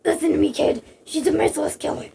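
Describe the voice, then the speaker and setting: A woman voicing a gruff, hardened male soldier who speaks bluntly and curtly. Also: high voice, steady tone, quick pace, warm tone, slight background noise. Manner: blunt, curt.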